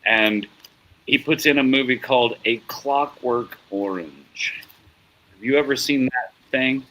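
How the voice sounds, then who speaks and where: A man's voice: mid-range voice, unhurried, sharp tone, a little hiss or hum, low-quality recording. A middle-aged man hosting a casual chat, rambling and profane as he tells a story, often laughing at himself. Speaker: show host.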